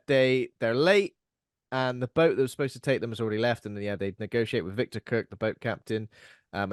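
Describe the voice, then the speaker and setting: A man's voice: medium pitch, no room sound, studio quality. A man in a casual podcast chat, hesitantly recapping a horror film's plot from notes. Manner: hesitant, reads plot notes aloud, amused. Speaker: podcast co-host. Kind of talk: casual film review chat.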